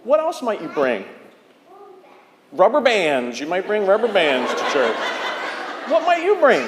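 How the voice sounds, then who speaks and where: Man, church children's time leader, playful, slow-paced, long reverb. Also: sits high, wildly swooping pitch, noisy background. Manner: playful, asks questions, sings along. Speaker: director of lifelong faith formation. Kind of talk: children's time talk and song leading. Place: large church sanctuary. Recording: echoey hall, organ music behind.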